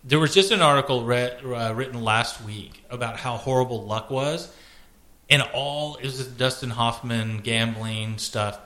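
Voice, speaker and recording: A man's voice: medium pitch, a little slow, bright, forceful tone. A man hosting a casual podcast, rambling and swearing as he chats about television. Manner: rambling, profane, joking. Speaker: podcast host. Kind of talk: casual chat.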